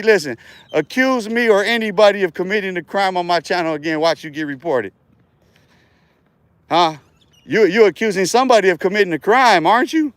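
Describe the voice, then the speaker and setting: A man running his own livestream in a rambling, profane rant, taunting viewers and laughing often. His speaking voice sits high for a man. The recording is dry and close, with no room echo. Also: fairly bright tone, clean tone. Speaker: livestream host.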